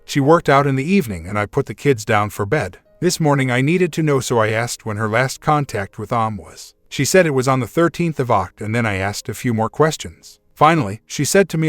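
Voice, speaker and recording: Guy reading a story out loud, steady and even, mid voice, dry close sound. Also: medium pitch, brisk, hardly any pauses, no room sound, soft background music. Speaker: story reader. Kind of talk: scripted first-person narration.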